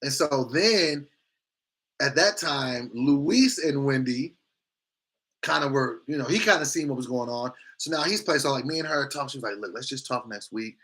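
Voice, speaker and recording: Bright-voiced man telling a profane story. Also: mid-range voice, moderate pace. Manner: animated, profane, acts out quoted lines. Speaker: morning show host. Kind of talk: casual storytelling.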